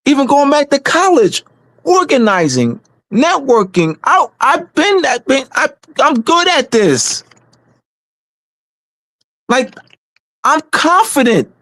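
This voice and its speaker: A man's voice: extremely high pitch, huge pitch swings, slow, pauses often, a bit bright, no echo. A man speaking on a community livestream in a casual, emphatic way, repeating phrases for stress.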